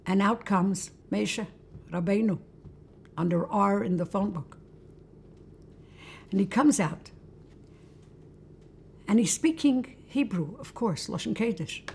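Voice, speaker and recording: A woman's voice: mid-range voice, slow pace, gravelly, pauses often, a little mellow, slight background noise. A woman hosting a religious talk, telling a story in a conversational way and inviting listeners along. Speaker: host.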